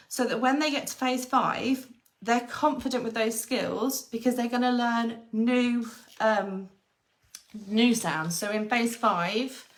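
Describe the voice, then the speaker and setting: A woman, a former teacher, explaining phonics to parents and patiently sounding out letters one by one. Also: a little high.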